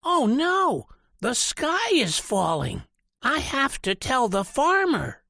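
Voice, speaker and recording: A frantic little chick squeals its alarm in a high, shrill voice that leaps up and down in pitch, as a man puts him on. The storybook delivery is slow and deliberate, recorded close and dry with no room around it. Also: wildly swooping pitch, gravelly, pushed and bright, dry recording, full character voice. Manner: shrill, exclaiming.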